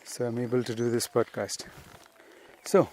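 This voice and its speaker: A man's voice: mid-range voice, level tone, normal speed, warm tone, slight background noise. A man recording an unscripted podcast lesson outdoors on a hillside, talking in a rambling, conversational way. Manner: conversational, rambling, with frequent "you see". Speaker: spiritual teacher and podcast host.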